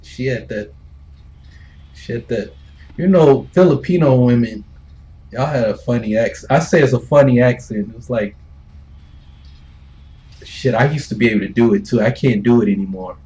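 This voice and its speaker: A man's voice: medium pitch, moderate pace, pauses often, dark tone, low-quality recording. A man streaming a game and casually telling a story with loose, laid-back talk, swearing freely and chuckling between lines. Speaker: gaming streamer.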